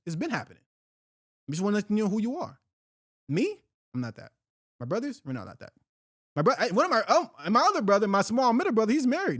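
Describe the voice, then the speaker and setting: A man's voice: sits high, dry recording, clean studio sound. A middle-aged man hosting a podcast, ranting in a heated, profane, rambling way with slang and restarts. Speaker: podcast host. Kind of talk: unfiltered solo talk.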